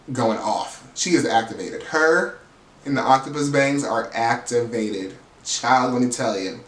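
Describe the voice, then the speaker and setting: A man recaps a reality show with sass and gusto, slipping into quick impressions of the people he talks about. His voice sits in the middle of the range. The room around him rings with a noticeable echo. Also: mid-range voice, a little hiss or hum. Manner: animated, sassy, gossipy storytelling with acted-out quotes. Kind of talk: casual recap commentary.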